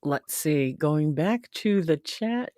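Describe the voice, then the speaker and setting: A woman's voice: low-pitched, expressive, slow, dark tone, no room sound, clean studio sound. A woman hosting a casual live stream, chatting affectionately and greeting viewers by name. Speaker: livestream host. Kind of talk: casual livestream chat.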